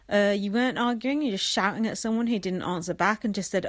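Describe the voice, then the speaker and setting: A woman's voice: mid-range voice, quick pace, few pauses, no room sound. A young woman giving a casual, sweary, sarcastic solo recap of a reality show. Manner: sweary, blunt and sarcastic, with asides. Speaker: reality TV commentator.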